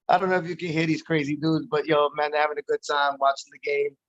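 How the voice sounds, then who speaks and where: Slightly high and a bit bright, this man's voice carries no echo as he reacts casually on a livestream. He's a baseball fan, somewhat drunk, rambling between laughs about his team's playoff game. The sound is dull, dry and lo-fi.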